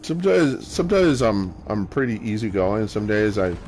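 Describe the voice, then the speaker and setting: A man's voice: fairly low pitch, big pitch swings, a little mellow, a little hiss or hum, rough recording. A man talking casually over his gameplay, rambling and self-mocking, often stopping to restart his sentences. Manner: halting, many restarts. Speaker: gamer.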